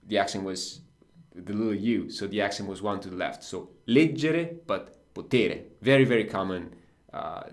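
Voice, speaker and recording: A man with an Italian accent, a native Italian speaker teaching Italian on a casual podcast, explaining patiently with fillers and restarts. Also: fairly low pitch. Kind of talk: casual language podcast lesson.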